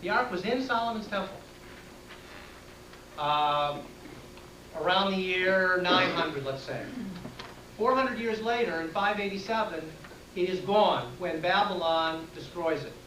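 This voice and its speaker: A man's voice: high voice, animated, measured pace, pauses often, sharp tone, far from the mic. Man lecturing in an echoey room. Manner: plain-spoken, answers questions directly. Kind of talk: classroom lecture with questions. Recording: echoey room taped from afar, faint hiss.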